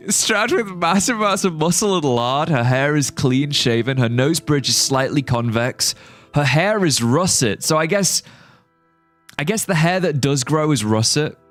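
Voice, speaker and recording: A man chatting through a live stream, his voice rising and falling a lot as he gets excited. He laughs often and fires off quick exclamations. The sound is dry and close, with faint guitar music behind him. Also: medium pitch, no echo. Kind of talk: casual livestream commentary.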